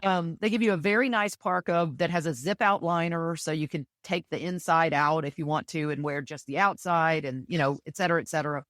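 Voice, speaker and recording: Podcast guest, woman from Texas, low pitch, dry close sound, chatty and enthusiastic storyteller. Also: a little fast, few pauses, a bit bright, dry recording. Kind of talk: casual interview chat.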